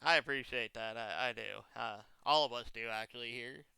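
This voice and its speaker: This young streamer has a medium-pitched, gravelly voice that sounds pushed and bright, and he talks briskly. His casual chat turns into drawn-out funny stories, with the characters' lines delivered in over-the-top voices.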